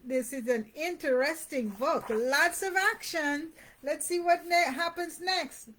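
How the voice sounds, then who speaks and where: A woman's voice: high-pitched, takes it slowly, fairly bright tone. A woman reading a picture book aloud to young children, sing-songing the rhymes and stopping to ask the little listener questions. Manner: sing-song reading of rhymes and sound words; addresses parents directly with encouragement.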